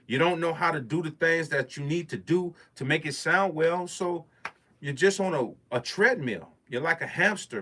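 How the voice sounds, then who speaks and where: A man's voice: on the high side, fairly bright tone. A man, a music producer, speaking in a casual monologue, emphatic and preachy with street slang. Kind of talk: casual talking-head monologue.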